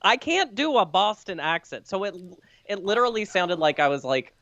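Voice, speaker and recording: A woman's voice: mid-range voice, big pitch swings, normal speed, a bit bright, no echo, highs cut off. A woman comedian, a guest on the show, telling self-deprecating stories and laughing as she talks. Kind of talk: casual chat.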